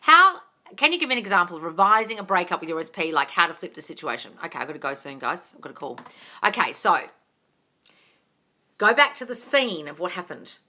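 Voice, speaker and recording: A woman's voice: on the low side, fairly quick. A woman casually hosting a live question-and-answer stream on her phone, reading out viewer comments and calling people darling. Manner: chatty and animated, calls viewers darling, swears casually.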